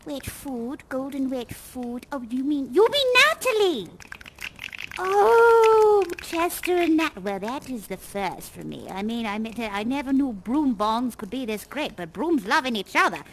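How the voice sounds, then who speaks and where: A fussy, theatrical party hostess gushes through an improvised tour. Her voice sits high and swoops widely with chatty exclamations. She talks into a headset microphone. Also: very animated, a little slow, slight background noise, heavily acted, low-quality recording. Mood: gushing. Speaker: live actor guiding a tour in a virtual reality theater show. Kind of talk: improvised live role-play.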